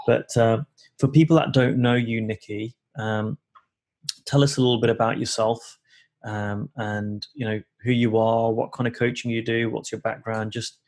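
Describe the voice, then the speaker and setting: A man's voice: fairly low pitch, creaky, darkish tone. A man hosting a live coaching webinar over a video call, talking casually with many fillers and restarts.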